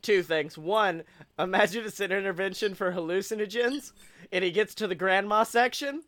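A man hosting a casual comedy podcast, joking and swearing freely and breaking into loud laughs. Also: high voice, normal speed. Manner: joking, profane, bursts into loud laughs and voices. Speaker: podcast host.

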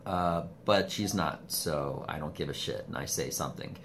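Filming on his phone in a room at home, a man rambles through a casual, ranting monologue full of swearing, his voice jumping suddenly in pitch. He talks at a moderate pace, with a little hiss or hum in the recording.

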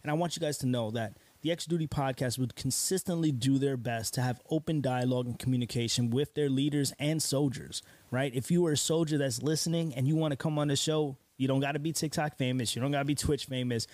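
A man's voice: medium pitch, quick pace, hardly any pauses, a little mellow, dry recording. A man hosting a casual podcast, talking straight to listeners in an earnest, encouraging way and often checking in with "right?". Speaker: podcast host.

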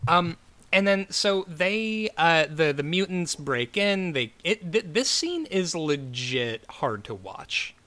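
A man's voice: fairly high pitch, takes it slowly. A man casually recapping a TV episode as a podcast co-host, swearing and acting out the characters he quotes. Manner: animated, swears, many fillers, acts out quoted characters.

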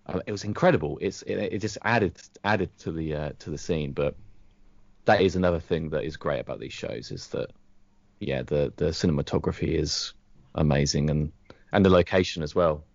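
A man's voice: extremely low pitch, moderate pace, vocal fry, no room sound. A British man chatting casually about a TV show as a podcast co-host, enthusiastic and often repeating words while he finds them. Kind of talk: casual chat reviewing a TV show. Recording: dry, dull lo-fi audio.

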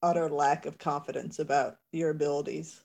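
A woman hosting a casual podcast conversation. She backs up her guest with short agreements and quick wry asides. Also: low-pitched, fairly even intonation, gravelly, a little mellow. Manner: supportive, brief affirmations and wry asides. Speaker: podcast host. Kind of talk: casual chat.

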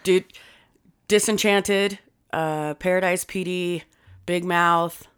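A woman's voice: on the low side, fairly even intonation, takes it slowly, clear, resonant tone. A woman in her forties co-hosting a podcast at a studio mic, telling loose, profane stories in casual chat. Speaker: podcast co-host. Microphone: studio microphone.

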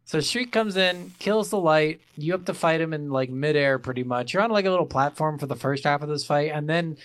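A man co-hosting a casual game review podcast, animated, swearing freely and acting out his reactions. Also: on the high side, brisk, dry recording. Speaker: podcast co-host.

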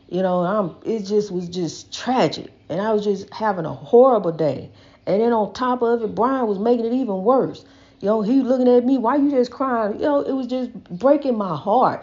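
A woman's voice: a little high, mellow, highs cut off. An older woman giving an impassioned, rambling spiritual monologue, repeating her points with emphasis. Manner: preachy, repetitive, emphatic, rambling.

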